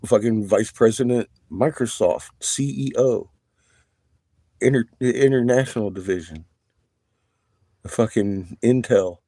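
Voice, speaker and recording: A man rants slowly and unhurriedly, swearing at nearly every turn and breaking into laughs and coughs. His pitch sits in an ordinary middle range. The sound is close and dry with no room ring. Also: warm tone, slightly rough, no echo. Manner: swears constantly, laughs often and coughs between remarks. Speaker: livestreamer. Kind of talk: casual profane rant.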